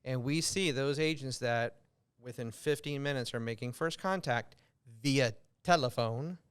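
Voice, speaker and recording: An American man hosting a podcast, giving advice in a loose, filler-heavy way that gets animated when he makes a point. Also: mid-range voice, measured pace, smooth. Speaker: podcast host, real estate coach. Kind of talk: casual podcast chat giving tips.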